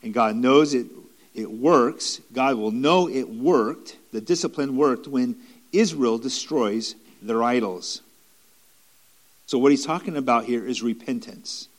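A man's voice: mid-range voice, measured pace. A man preaching a sermon in an earnest, repetitive way, with restarts and rising emphatic stretches.

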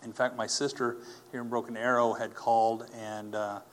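A man telling his personal testimony in an earnest, halting way, with many fillers and restarts. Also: medium pitch, level tone, a little hiss or hum.

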